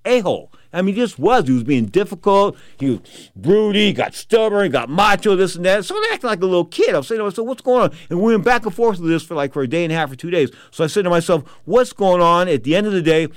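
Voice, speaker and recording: A man's voice: sits high, animated, quick pace, no echo. A middle-aged man telling boxing stories in a casual, emphatic monologue, often checking in with "okay?". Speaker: boxing commentator.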